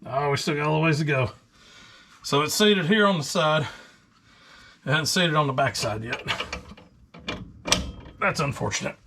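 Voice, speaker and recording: In a very noisy garage, a man hosting a truck repair channel talks casually through his work on parts, relaxed and chatty, with plenty of ums filling the gaps as he wrenches. His voice sits fairly high and sounds creaky, moving at normal speed with frequent pauses.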